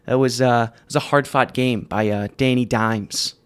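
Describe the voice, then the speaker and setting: A young man co-hosting a podcast in casual chat, animated and laughing often. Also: medium pitch, normal speed, clear, resonant tone. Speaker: podcast co-host.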